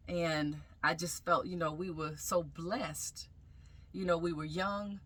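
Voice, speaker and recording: A woman sharing a personal testimony in a reflective, halting way, pausing often as she tells her story. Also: lowish voice, steady tone, a bit bright, husky. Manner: reflective, halting, with frequent pauses and fillers.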